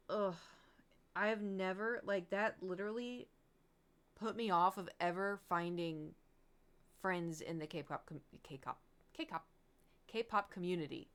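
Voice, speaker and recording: A woman's voice: mid-range voice, measured pace, fairly bright tone, clear, resonant tone. A woman livestreamer in casual, rambling chat, candid and swearing freely with frequent laughs.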